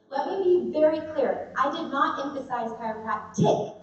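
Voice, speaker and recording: Woman, fairly high voice, animated testimonial, distant and dull recording. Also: moderate pace. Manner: animated, storytelling, conversational. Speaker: patient giving a testimonial. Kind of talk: live talk to an audience. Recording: echoey hall, voice from a distance, dull sound.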